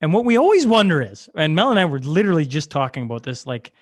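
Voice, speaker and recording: A podcast host with a somewhat high voice, chatting casually with a guest. He asks questions eagerly and reacts with open curiosity. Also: very animated, quick pace. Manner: curious, eager questions, talks of his wife. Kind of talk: casual interview chat.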